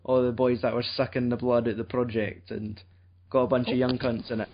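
A man's voice: medium pitch, brisk, slight background noise. Sweary Scottish man, muffled lo-fi mic. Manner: sweary, rambling, deadpan. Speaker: podcast host. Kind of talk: casual film review chat.

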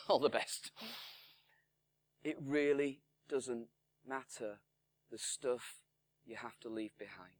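A middle-aged man preaching a sermon in a conversational way, acting out little dialogues and dropping to hushed tones. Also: medium pitch, slow, long pauses. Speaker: pastor.

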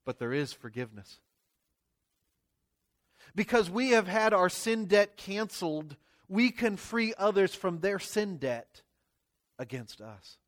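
A pastor preaching to a congregation in a church, his voice sitting fairly high for a man. He talks the way you would chat with friends, often tagging his points with little questions. When he reads scripture his voice swells with emphasis. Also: big pitch swings, slow pace, long pauses. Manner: conversational, tags lines with "okay?" and "right?". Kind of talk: sermon. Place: church sanctuary before a congregation.

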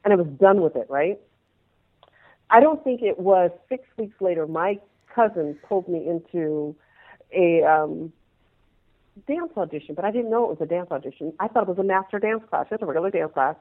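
A woman telling a personal story in an interview, animated and acting out scenes in changing voices. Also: on the low side, normal speed. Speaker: interview guest, former pro dancer. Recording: tinny phone-like line.

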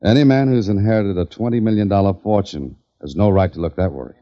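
An actor playing a wry, quick-witted writer and adventurer who also narrates, in a 1940s radio drama. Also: male voice, on the low side, lightly acted. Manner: wry, ironic. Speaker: narrator and lead. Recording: dull old radio recording with faint music.

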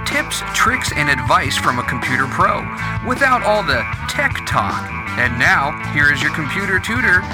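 A man's voice: a little high, big pitch swings, normal speed. A man announcing a podcast intro in an upbeat announcer delivery. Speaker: show announcer. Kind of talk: produced show intro. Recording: voice over loud guitar music.

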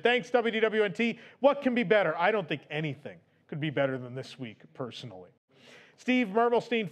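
High-voiced man reading stream donations. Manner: playful, laughing, loose and chatty. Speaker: live stream host. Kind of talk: casual live stream chat, reading out donations.

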